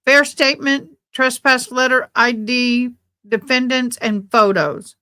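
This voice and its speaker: A woman's voice: on the high side, fairly even intonation, slow, pushed and bright. A woman hosting a casual livestream, chatting and reading out viewer comments. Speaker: livestream host covering a trial. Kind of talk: casual live chat.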